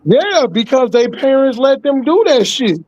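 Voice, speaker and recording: Very high-voiced, slow-talking man. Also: big pitch swings, a little mellow, lo-fi sound, slight background noise. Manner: blunt, profane, chiming in with agreement. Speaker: podcast co-host. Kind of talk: casual chat.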